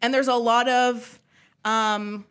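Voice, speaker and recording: A young woman co-hosting a casual church podcast, bubbly and excitable, laughing often. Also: on the high side, slow, clear, resonant tone. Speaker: podcast co-host. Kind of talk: casual chat.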